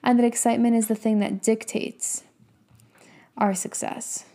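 A young woman speaks as a motivational coach, her voice a little high yet mellow and warm. She talks casually and emphatically, stacking rhetorical questions and letting an occasional swear slip. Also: flat delivery, a little slow, creaky. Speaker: business and mindset coach. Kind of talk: motivational talk.

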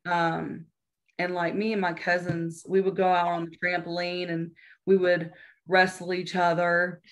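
A woman's voice: on the low side, completely flat delivery, unhurried. A woman in her twenties, a professional wrestler, answering interview questions in a matter-of-fact way. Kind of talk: casual interview chat.

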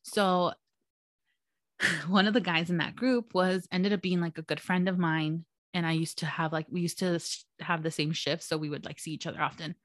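A young woman co-hosts a casual podcast, telling stories with lively acted-out quotes and plenty of swearing. Her voice sits a little low for a woman. The sound is dry and close. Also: normal speed, no room sound. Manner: animated, acts out quotes, swears freely. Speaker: podcast co-host. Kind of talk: casual storytelling chat.

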